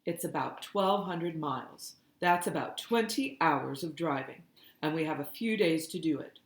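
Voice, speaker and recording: A woman reading a first-person children's novel aloud in a measured, earnest way. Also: deep voice, animated. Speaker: audiobook narrator. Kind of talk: first-person storybook narration. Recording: roomy echoey recording.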